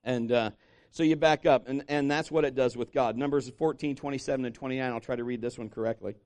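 A man preaching a sermon, telling jokes and stories and breaking into loud shouted impressions. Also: medium pitch, quick pace. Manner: animated, jokey storytelling with shouted impressions. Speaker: pastor.

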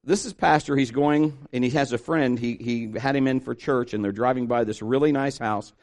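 A man's voice: medium pitch, fairly even intonation, moderate pace, a little mellow. A man preaching a conversational sermon, telling homespun stories and asking his listeners rhetorical questions. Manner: folksy storytelling with rhetorical questions.

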